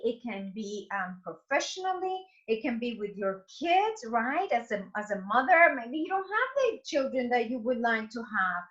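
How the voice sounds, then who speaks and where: A woman's voice: high-pitched, lo-fi sound. A woman giving a fervent, chatty motivational Bible talk, speaking straight to her listeners. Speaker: inspirational faith speaker.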